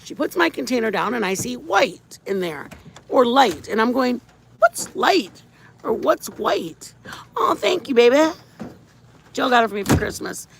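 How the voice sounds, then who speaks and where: A woman's voice: on the high side, very animated, a little slow, gravelly, a little hiss or hum. A middle-aged woman hosting a casual livestream, rambling through a story and greeting viewers by name. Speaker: livestream host.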